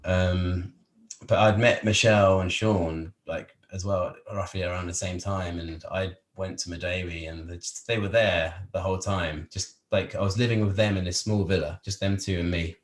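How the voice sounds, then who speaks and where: A deep, steady voice at normal speed comes from an English podcast guest with an English accent, chatting casually in an interview. He rambles with many fillers and restarts, and the room is echoey.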